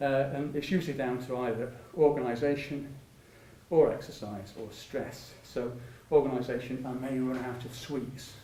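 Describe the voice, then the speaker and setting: A man's voice: mid-range voice, steady tone, moderate pace, warm tone. An older man, telling stories in a public talk, rambling with many restarts and frequent laughter. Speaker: patient speaker at a public talk. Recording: echoey hall, mic at a distance.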